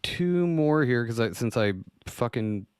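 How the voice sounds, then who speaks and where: A man's voice: mid-range voice, lively intonation, a little slow, smooth, no room sound, studio quality. A man hosting a casual podcast chat. He is loose and profane, laughs often and reads news articles aloud. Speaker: podcast host.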